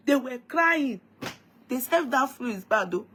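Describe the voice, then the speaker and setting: With a high voice at a moderate pace, a Nigerian-accented woman vlogs a story to her viewers, dramatic and lively, with Yoruba phrases slipping in.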